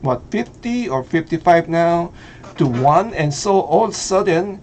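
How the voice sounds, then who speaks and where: A man's voice: on the high side, animated, a little slow, a little mellow, a little hiss or hum. A middle-aged man with a Filipino accent gives casual commentary, hesitant and full of fillers, laughing easily. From Philippines. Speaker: vlogger.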